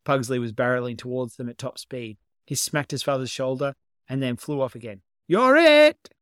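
A man reading a story aloud as an amateur narrator, calm and even. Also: mid-range voice, brisk, no echo, studio quality. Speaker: amateur reader. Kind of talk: audiobook narration of fan fiction.

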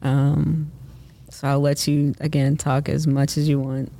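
A woman hosting a podcast interview, asking questions gently with a lot of hesitant "uh" and "um". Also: sits low, level tone, a little slow. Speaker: podcast host. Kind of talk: casual interview.

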